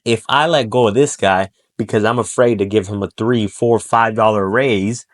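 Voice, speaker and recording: A fairly low-pitched man speaks at an ordinary pace in a blunt, profane motivational monologue on persuasion. As a self-improvement speaker, he performs short quoted lines and keeps repeating his central points for emphasis.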